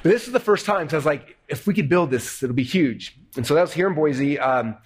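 A man telling a business story to an audience, animated, acting out what people said, with slides. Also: fairly high pitch, a little fast, slightly rough. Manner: excited, animated retelling with acted-out quotes. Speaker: speaker telling a founding story. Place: presentation room with slides.

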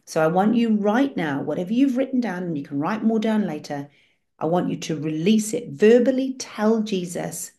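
A woman's voice: mid-range voice, lively intonation, moderate pace, warm tone. A woman leading an online prayer session on a video call, speaking in an encouraging, storytelling way. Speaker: prayer group leader.

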